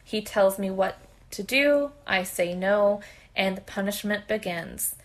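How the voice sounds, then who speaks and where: Woman, mid-pitched voice, candid conversational reading, podcast host. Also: unhurried. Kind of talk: reading a submitted story aloud.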